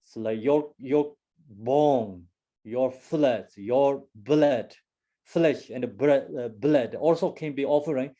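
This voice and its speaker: Male Buddhist teacher, hesitant second-language English with restarts, unhurried and dark in tone. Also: medium pitch, muffled recording. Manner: halting, many fillers and restarts. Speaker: dharma teacher.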